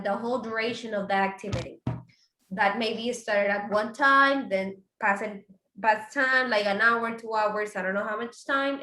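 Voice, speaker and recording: Bright-voiced woman teaching English grammar. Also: mid-range voice, reverberant, slight background noise, rough recording. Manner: explains step by step with examples. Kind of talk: online grammar lesson.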